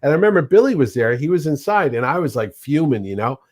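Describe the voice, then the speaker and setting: A man's voice: medium pitch, quick pace. A man casually telling convention stories on a podcast, acting out the voices of the people in them. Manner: animated, acts out quoted voices.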